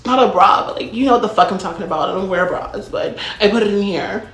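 A young woman tells a story in a loose, chatty way, piling on filler words and dramatic asides. Her voice sits at an ordinary pitch for a woman. The room around her is echoey. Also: fast, fairly bright tone, slight background noise. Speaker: vlogger telling a story. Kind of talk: casual storytime monologue. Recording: roomy echo.

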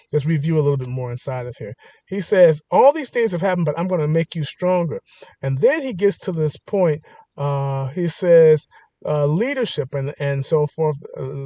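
A man's voice: on the high side, darkish tone, no echo. A man preaching a sermon, emphatic and rising to stress points, often restarting his words. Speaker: pastor.

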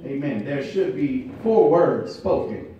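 A male pastor preaching a sermon, building from quiet to loud, emphatic delivery with drawn-out phrases. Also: fairly high pitch, animated. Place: church sanctuary. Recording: distant echoey church recording, muffled.

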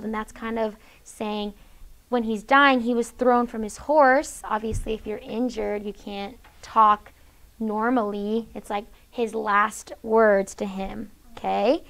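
A woman teaching sixth grade in a classroom, reading a story aloud, explaining it and hushing students between lines. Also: on the high side, steady tone, measured pace, vocal fry. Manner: reads quoted lines with changed voices, hushes students often.

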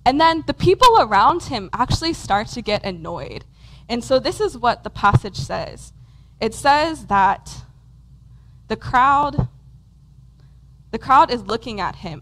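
A woman's voice: on the high side, fairly bright tone, rough recording. A woman preaching a conversational sermon in a church, talking casually with lots of "um" and "like". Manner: casual, many fillers like "um" and "like". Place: church hall with a congregation.

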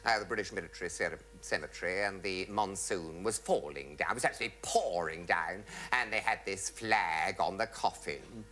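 A man's voice: deep voice, moderate pace, few pauses, pushed and bright, a little hiss or hum, rough recording. A middle-aged man telling theatrical anecdotes in a flamboyant manner, mimicking the people in his stories. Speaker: comic raconteur.

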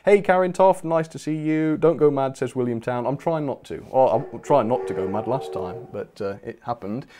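A man's voice: mid-range voice, normal speed, dark tone. A man hosting a live stream, chatting casually and reading out viewer messages with bursts of enthusiasm. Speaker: channel host.

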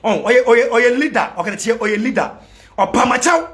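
A Ghanaian man delivering a fiery vlog rant to supporters, switching between Twi and English and breaking into shouts. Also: very high-pitched, expressive, moderate pace. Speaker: political commentator addressing supporters abroad.

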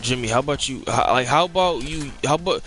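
A young man rants at his teammate during a live game stream. He sounds exasperated, repeating himself, and drops to low mutters before breaking into sudden yells. His voice sits at a middling pitch over clearly audible background noise. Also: quick pace. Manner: exasperated, scolding, repetitive, swings from mutters to yells. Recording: noisy game stream audio.

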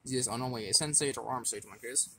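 A man casually walking through his card game deck, reading effects aloud in a halting way with stumbles and restarts. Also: mid-range voice, a bit bright, a little hiss or hum.

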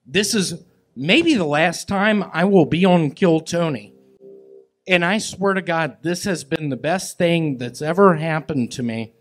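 Man, stand-up comedian, high voice, slow halting delivery. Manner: slow, halting, awkward delivery with odd pauses. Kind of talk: live stand-up and crowd banter. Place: comedy stage with live audience.

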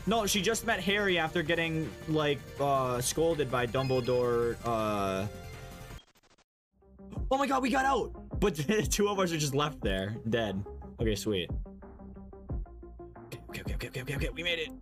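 An excitable man co-hosting a game playthrough, his pitch swinging wildly as he laughs and swears. Game music plays clearly behind him. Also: moderate pace, pauses often. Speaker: gaming co-host. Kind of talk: casual gaming chat.

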